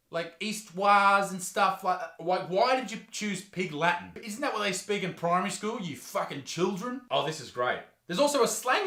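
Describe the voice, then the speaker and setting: A man's voice: high-pitched, bright, forceful tone, echoey room. A young Australian man in his twenties giving a crude, sarcastic comedic rant. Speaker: comedy youtuber. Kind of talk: ranting comedic commentary.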